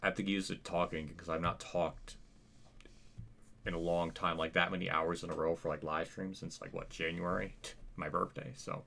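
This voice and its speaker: A young man talks through a casual channel update late at night, tired and yawning. His voice sits a little low, and he rambles and hesitates with plenty of fillers, sounding worn out and apathetic. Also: flat delivery, normal speed, vocal fry, a bit bright, a little hiss or hum. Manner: weary and apathetic. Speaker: channel host.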